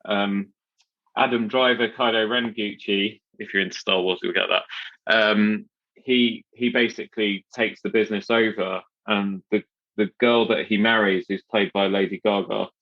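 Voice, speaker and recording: A man hosting a podcast in relaxed, rambling chat, often restarting his sentences. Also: on the low side, moderate pace, lo-fi sound. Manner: chatty, rambling with many restarts and fillers. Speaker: podcast host.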